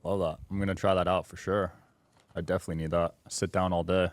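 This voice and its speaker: Male podcast host, very low voice, dry close sound, quick enthusiastic reactions. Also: little pitch movement, no room sound. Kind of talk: casual interview.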